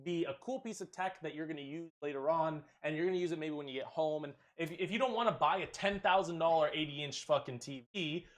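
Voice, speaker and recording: Brief: casual podcast co-host, man, slightly high voice, animated, swears a lot. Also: fast, hardly any pauses. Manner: animated, swearing, laughing often. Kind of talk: casual chat.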